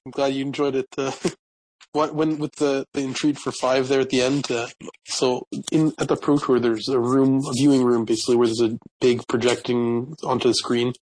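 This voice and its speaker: A man's voice: mid-range voice, level tone, normal speed, a little mellow, poor audio. A man who is a guest on a podcast, talking in an easygoing, friendly way. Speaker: guest, card game player. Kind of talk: casual chat.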